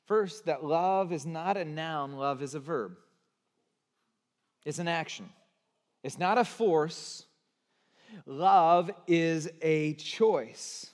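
A pastor in his forties preaching a sermon, moving from hushed, soft passages to loud, emphatic ones. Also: a little high, slow pace, pauses often. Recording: long hall reverb.

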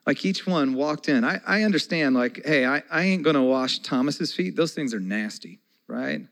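A man in his forties preaching a conversational sermon as a pastor, moving between soft, slow passages and loud, excited ones. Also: fairly high pitch, gravelly, low-quality recording.

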